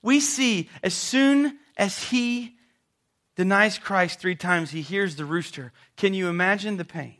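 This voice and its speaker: A man preaching a sermon to a congregation, telling the story dramatically and dropping suddenly to a soft voice. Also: sits high, unhurried. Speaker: pastor. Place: church service before a congregation.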